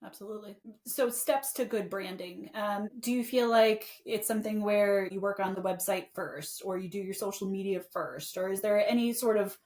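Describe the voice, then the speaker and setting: A woman's voice: mid-range voice, moderate pace, few pauses, darkish tone. A woman hosting an interview, friendly and affirming, asking conversational questions. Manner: friendly, affirming, with many backchannels. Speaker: interview host.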